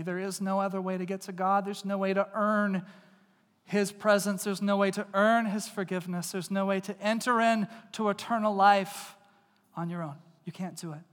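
A man preaches with earnest conviction, pressing his points hard and then dropping to a hush. His voice sits high for a man. It carries a long reverb that fills a large church. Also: steady tone, moderate pace. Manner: earnest, swings from loud emphasis to hushed intimacy. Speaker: pastor. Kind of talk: sermon. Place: church sanctuary.

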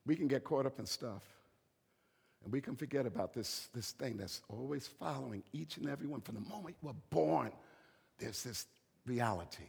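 Husky preacher swinging from whispers to shouts. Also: male voice, mid-range voice, lively intonation, moderate pace, big-room sound. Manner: storytelling, swings from hushed whispers to loud emphatic preaching. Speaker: bishop preaching. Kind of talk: sermon.

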